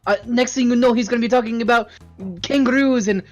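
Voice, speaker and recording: Tabletop player, mid-pitched, teasing with quick retorts. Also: steady tone, faint music behind. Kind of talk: casual game chat.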